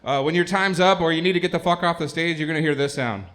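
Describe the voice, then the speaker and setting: A man's voice: a little high, fast talker, very noisy. A man hosting a live comedy show, crude and joking in a loose, unplanned way. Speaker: host.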